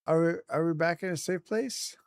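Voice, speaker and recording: A man streaming live gameplay, reacting loudly and excitedly to what happens on screen. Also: fairly high pitch, moderate pace, dry recording, clean studio sound.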